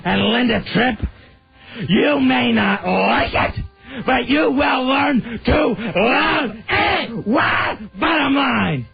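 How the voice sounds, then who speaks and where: A radio co-host doing an impression of a brash, shouting wrestler cutting a promo, full of "Woo!" yells. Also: male voice, extremely high pitch, expressive, takes it slowly, gravelly, exaggerated voice. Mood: boastful. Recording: dull lo-fi radio broadcast with music.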